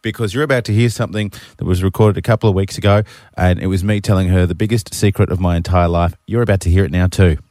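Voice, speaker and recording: A man's voice: deep voice, fairly even intonation, fast, hardly any pauses, a little mellow, no echo, clean studio sound. A man co-hosting a podcast in casual, joking chat. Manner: joking, rambling, chatty. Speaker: podcast co-host.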